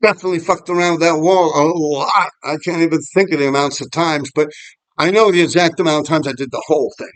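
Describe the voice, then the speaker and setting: Middle-aged new dude rambling graffiti stories, cursing nonstop, kinda high voice, dry sound. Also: male voice, fairly even intonation, quick pace, no echo. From New York City. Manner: swears a lot, rambling, laughs often. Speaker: graffiti writer vlogger. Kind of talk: casual storytelling. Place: outdoors on a walking path.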